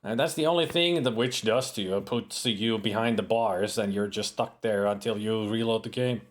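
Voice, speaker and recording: A man's voice: fairly low pitch, normal speed. A man streaming a retro adventure game, casually reading the game text aloud with playful, sing-song emphasis.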